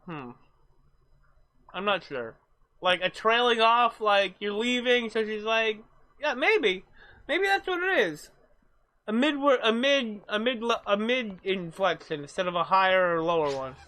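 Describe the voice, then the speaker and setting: A man's voice: high-pitched, lively intonation, a little slow, bright, forceful tone, no room sound, poor audio. A man streaming a game, reading story text and chatting in a casual, wry way with self-corrections. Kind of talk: game playthrough narration and chat.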